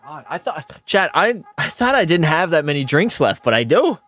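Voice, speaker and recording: A man's voice: on the high side, very animated, normal speed, few pauses, fairly bright tone. Tipsy, profane young streamer man. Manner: profane, argumentative, talks back to chat. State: tipsy from beer. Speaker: game streamer. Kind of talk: casual live-stream chat.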